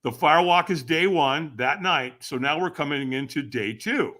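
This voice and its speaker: A man as a podcast guest, telling a personal story in an animated way, acting out other people's voices and asking the listener rhetorical questions. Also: a little high, moderate pace. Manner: animated, acts out quoted voices with sudden shouts.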